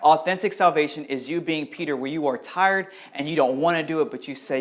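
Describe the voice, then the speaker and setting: A man preaching a sermon as pastor, moving between loud urgent questions and quiet low passages, and calling on people in the congregation by name. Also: animated, a little fast, few pauses. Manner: addresses congregation members by name.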